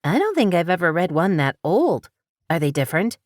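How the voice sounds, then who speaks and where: A woman voicing a young woman who is a sad, overwhelmed newcomer, talking in a hurried, emphatic way. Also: lowish voice, sing-song, no room sound, clean studio sound.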